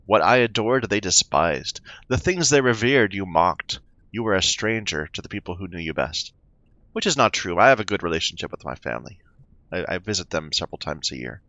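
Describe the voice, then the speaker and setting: A man's voice: sits low, expressive, fairly quick, sharp tone, dry recording, lo-fi sound. Chatty man reading game text. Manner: chatty, stumbles over unfamiliar words. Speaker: let's play gamer.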